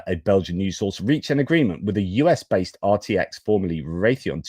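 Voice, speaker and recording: A man's voice: low-pitched, dark tone, dry recording, studio quality. A man hosting a live war news stream, reading updates with chatty, wry asides. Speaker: news livestream host.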